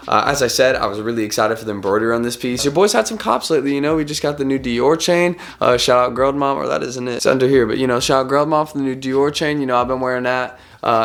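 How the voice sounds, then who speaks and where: A young man with a sick-sounding voice, excitedly rambling in slang through a casual unboxing vlog. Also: mid-range voice. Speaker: vlogger.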